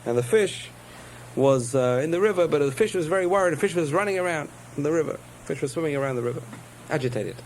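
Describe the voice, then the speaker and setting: A man's voice: mid-range voice, darkish tone, slight background noise, rough recording. Man teaching a rambling Torah lesson. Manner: digressive storyteller, self-correcting restarts. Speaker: rabbi teaching a class.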